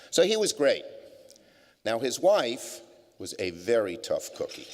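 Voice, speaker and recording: An older man giving a public speech at a business forum, telling wry anecdotes with plenty of fillers. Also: medium pitch. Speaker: keynote speaker. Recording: long hall reverb.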